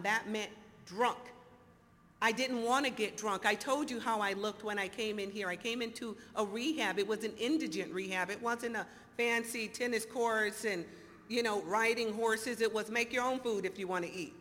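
Animated woman in her fifties, bright voice. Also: fairly high pitch, moderate pace. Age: 50s. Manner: animated storyteller, acts out dialogue, laughs often. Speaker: speaker sharing recovery story. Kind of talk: recovery talk to an audience. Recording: hall reverb, faint noise.

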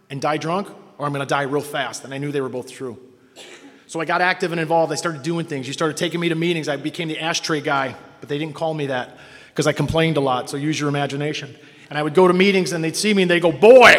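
The recording carries the long reverb of a hall as a man from Cleveland, Ohio recounts his recovery to a meeting. Wry and self-deprecating, he acts out those he quotes, his voice a little high with a fairly bright tone.

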